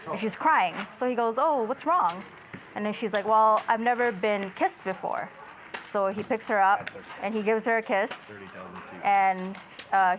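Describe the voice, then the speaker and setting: A woman's voice: mid-range voice, a little hiss or hum, rough recording. Playful woman at a poker table. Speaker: poker player. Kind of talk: telling a joke at the table.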